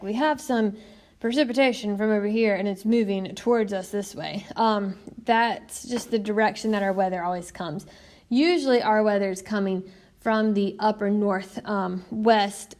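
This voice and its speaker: Her voice medium in pitch with a darkish tone, a young woman delivers a recorded science lesson. The classroom lecture is upbeat and conversational, spoken directly to her students.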